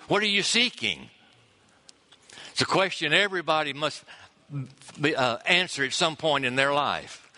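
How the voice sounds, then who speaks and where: A man preaching a sermon, reading scripture aloud and acting out the quoted lines with chuckles and pauses. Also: fairly high pitch, pushed and bright. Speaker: pastor.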